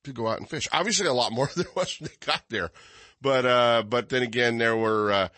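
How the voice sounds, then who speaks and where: A man's voice: medium pitch, brisk, sharp tone, no echo. A man hosting a fishing radio show, chatting casually and rambling with many fillers and restarts.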